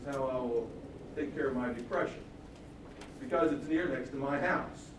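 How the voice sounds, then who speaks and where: A man's voice: medium pitch, normal speed, recorded from a distance, noisy background, natural voice. A man voicing a sulky, covetous king who talks in a wheedling, petulant way. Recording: echoey hall, mic from afar.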